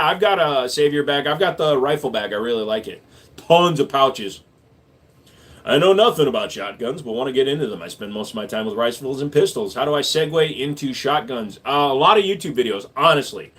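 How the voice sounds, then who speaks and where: A man's voice: mid-range voice, animated, fairly quick, a bit bright. A man hosting a livestream, reading viewer questions aloud and answering them in an offhand, joking way. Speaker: livestream host answering chat. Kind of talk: casual livestream chat.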